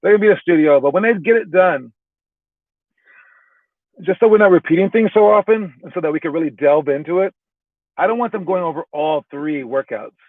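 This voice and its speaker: A man's voice: a little high, brisk, long pauses, dry recording. A man who coaches basketball, giving a casual, loose spoken lesson from his car, often checking in with "all right?" and joking at his own expense. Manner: self-mocking. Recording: tinny phone-like, dry.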